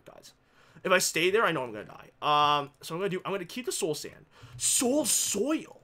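A man's voice: on the high side, very animated, fairly quick, pushed and bright. A young man commentating his own game, jittery and panicky, repeating phrases and yelping. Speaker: gaming YouTuber. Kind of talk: Let's Play commentary.

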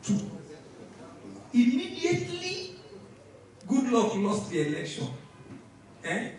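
A man's voice: very high-pitched, sing-song, takes it slowly, a little mellow. A Nigerian man hosting an event, telling comic stories to a crowd and switching into pidgin and Yoruba as he goes. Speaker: event host. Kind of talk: comedic storytelling to a crowd. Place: event hall. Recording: echoey hall from far off.

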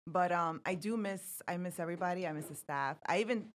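A woman's voice: fairly low pitch, a little fast. A woman in her thirties, a podcast guest telling stories in casual chat, laughing often.

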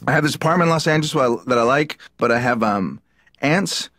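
A man voicing an excitable comedian patient in an animated sitcom, ranting and slipping into high-pitched voices. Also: fast talker, music in the background, natural voice. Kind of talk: stand-up comedy monologue.

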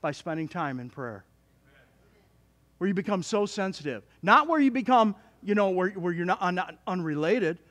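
A male pastor preaching a sermon in an animated, joking way, with many restarts. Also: sits high, moderate pace.

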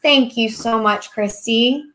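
A woman's voice: a little high, slow pace, fairly bright tone. A woman, chatting casually while hosting a live question-and-answer stream and laughing often. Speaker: livestream host, craft seller.

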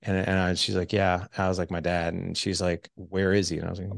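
Podcast guest: a deep, gravelly man in his forties, animated storyteller, dry close sound. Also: fast talker, hardly any pauses, no room sound. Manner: animated storyteller acting out quoted dialogue. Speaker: podcast guest, fatherhood coach. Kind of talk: storytelling in casual conversation.

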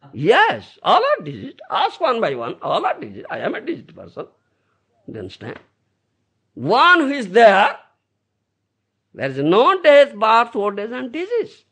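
In Brisbane, Australia, a male spiritual teacher lectures on scripture in a high, slightly bright voice with a breathy edge. He repeats key phrases and keeps the room engaged by teasing listeners with rhetorical questions like "you understand?"

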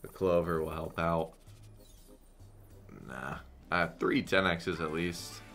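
A young man giving casual, excitable commentary while playing a slot game, swearing freely. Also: low-pitched, takes it slowly, soft background music. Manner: excitable, swears a lot, chants "come on". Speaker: slot streamer. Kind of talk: live gambling commentary.

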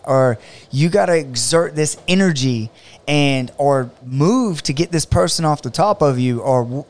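A man, a jiu-jitsu coach, talking casually on a podcast and telling stories animatedly, acting out what other people say. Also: on the high side. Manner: animated storytelling, acts out other people's words.

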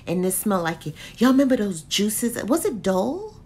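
A woman's voice: mid-range voice, normal speed, husky. A woman reviewing a candle in a casual, slangy vlog full of laughs. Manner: animated, slangy, laughs often.

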